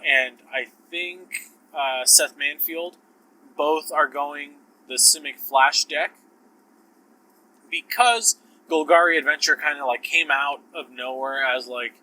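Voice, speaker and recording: A man's voice: a little high, sharp tone, low-quality recording. A man hosting a podcast, with a sore throat, talking casually in a rambling, profane, self-interrupting way. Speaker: podcast host. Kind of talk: casual solo podcast talk.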